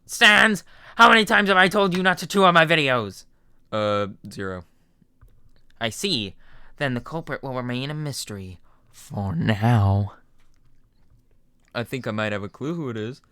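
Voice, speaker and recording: A young man voicing a loud, boastful and cheerful skeleton in a fan reading, with a shouty, theatrical delivery. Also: lowish voice, unhurried, pauses often, clean tone, no room sound, close to an everyday voice. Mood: excited. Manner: shouty, theatrical, self-assured. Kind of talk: fan voice reading of a game character.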